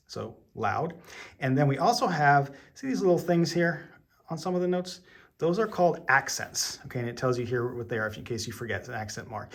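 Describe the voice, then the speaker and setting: A man's voice: mid-range voice, a bit bright. A man giving an online piano lesson, explaining each step patiently with plenty of ums and okays. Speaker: piano teacher. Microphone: camera mic.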